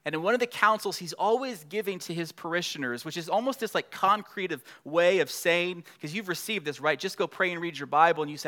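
Bright-voiced man preaching a sermon. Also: high-pitched, expressive, quick pace, few pauses. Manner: conversational preaching with rising emphatic passages. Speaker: pastor.

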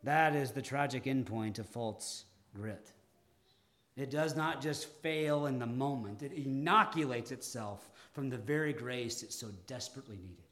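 This sermon comes from a man of medium pitch who preaches with theatrical deliberateness. He stops often, alternating emphatic passages with hushed ones.

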